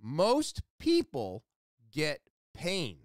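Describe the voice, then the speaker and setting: A fairly high-voiced man hosts his podcast solo, recounting a story in an excitable, nearly yelling way. His voice comes through smooth and resonant in a dry, close sound. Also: extremely slow, dry recording. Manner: excitable, loud, almost yelling; rambling with restarts and asides. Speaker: podcast host. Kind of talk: casual storytelling monologue.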